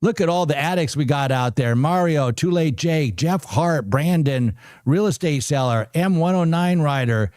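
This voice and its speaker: A man in his sixties giving live commentary on a trading stream, excitable and repeating himself as he urges the market on. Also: fairly high pitch, normal speed, no echo, studio quality. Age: 60s. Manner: excitable, talks to the screen, repeats phrases. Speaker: livestream trading host.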